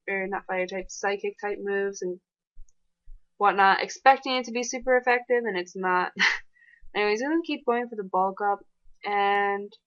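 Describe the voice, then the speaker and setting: A woman giving casual, fast and excitable commentary over her own gameplay. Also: mid-range voice, dull audio.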